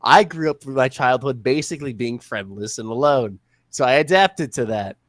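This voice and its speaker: A man's voice: mid-range voice, normal speed, a bit bright, no room sound. Blunt, profane young man on a podcast. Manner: blunt, profane, self-deprecating. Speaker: podcast co-host. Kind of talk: casual chat.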